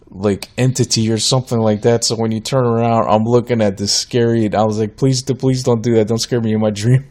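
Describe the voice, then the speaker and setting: A man's voice: on the low side, a little mellow. A man in his thirties hosting a solo podcast, telling a story in a casual, rambling way with many fillers and restarts. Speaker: podcast host.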